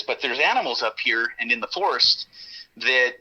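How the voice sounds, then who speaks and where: A man telling a story as a guest, lively and profane, laughing often and acting out what the others said. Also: medium pitch, slow, long pauses, rough recording. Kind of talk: animated storytelling.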